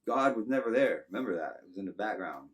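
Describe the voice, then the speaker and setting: A man's voice: fairly low pitch, sing-song, fast, distant mic. A man in his thirties with a Texan accent, telling his life story to an interviewer in a loose, rambling way full of "you know". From Texas. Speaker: guest.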